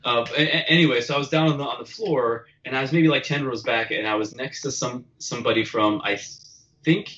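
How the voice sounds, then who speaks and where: A man hosting a casual podcast chat, telling a story with laughs and shouted impressions. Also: medium pitch, brisk, muffled recording, a little hiss or hum. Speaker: podcast host.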